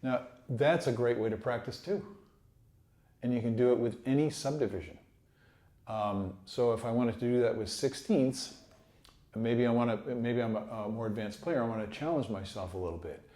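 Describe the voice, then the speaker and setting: Mellow-voiced man teaching trumpet. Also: mid-range voice, fairly quick. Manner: easygoing, encouraging, sings rhythms aloud. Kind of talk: relaxed instructional talk. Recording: echoey room.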